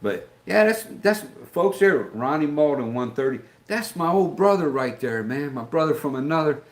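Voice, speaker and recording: A man's voice: a little high, animated, moderate pace. An older man, chatting casually on his live stream, rambling with many fillers and restarts.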